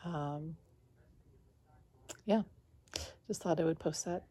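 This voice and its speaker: A woman talking in a casual confessional vlog from home, rambling with lots of fillers and quick laughs between thoughts. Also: low-pitched, mellow. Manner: talks lying down. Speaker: spiritual vlogger.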